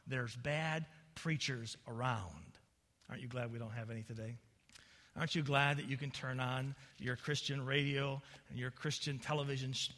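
A male pastor preaching an impassioned sermon, building to loud peaks and dropping into folksy asides to the congregation. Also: medium pitch, normal speed. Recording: long hall reverb.

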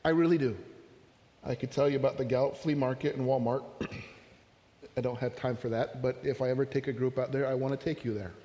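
A man's voice: medium pitch, fairly even intonation, a little fast, warm tone, in a large hall. A man preaching a sermon as pastor, talking conversationally with stories and humorous asides.

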